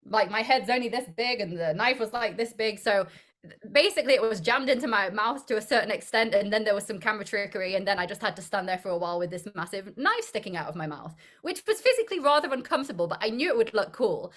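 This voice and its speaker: A woman's voice: medium pitch, lively intonation, quick pace, a bit bright. Upbeat young woman, laughing often. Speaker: actor interviewed as guest. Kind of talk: casual interview chat.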